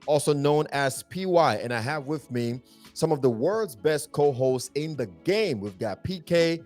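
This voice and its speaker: A man's voice: on the high side, lively intonation, measured pace, a little mellow. Man, podcast host, upbeat, easy laugh, music faint behind. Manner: upbeat, laughs often, reads scripture aloud. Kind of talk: casual podcast chat.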